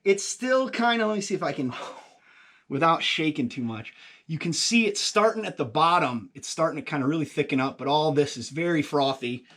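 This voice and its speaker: Fairly quick and with lively intonation, a man with a little high, fairly bright voice runs a relaxed home cocktail video. He jokes and chats, uses plenty of fillers, and sounds slightly winded.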